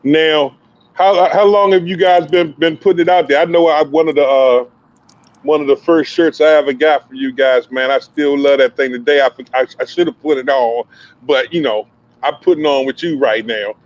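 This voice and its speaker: A man's voice: a little high, steady tone, moderate pace, dull audio. Hyped-up slangy male podcast host. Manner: hype, slangy, playful banter. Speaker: podcast host interviewing a youth player. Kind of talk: casual podcast interview.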